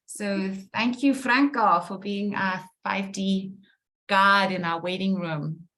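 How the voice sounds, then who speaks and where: A woman hosting an online women's circle over a video call, gentle and playful, guiding the group with encouragement. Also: mid-range voice, fairly even intonation, takes it slowly.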